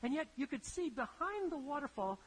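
A preacher telling stories in a sermon, in an animated, conversational way that builds to emphatic peaks. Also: high-pitched, a little fast, poor audio. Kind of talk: sermon storytelling.

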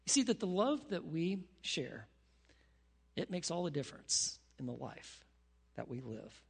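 A man preaching a sermon as pastor, animated, dropping to a hushed voice when he prays. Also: on the high side, a little slow, gravelly, breathy edge, in a large hall. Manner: animated, drops to a hushed voice for prayers.

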